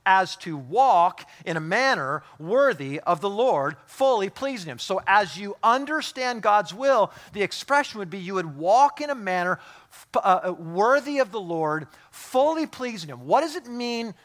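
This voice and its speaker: A man preaching in a fairly high voice. He drops to a hushed, storytelling tone and then climbs to loud, emphatic exhortation, repeating words to drive a point home. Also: big pitch swings, unhurried. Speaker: pastor. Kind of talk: sermon.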